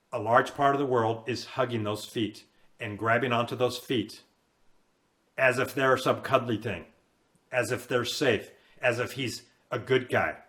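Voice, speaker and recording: Pressing each warning with repetition and growing intensity, a man in his fifties preaches an impassioned, emphatic sermon about the end times. His voice is a bit bright at an ordinary middle pitch.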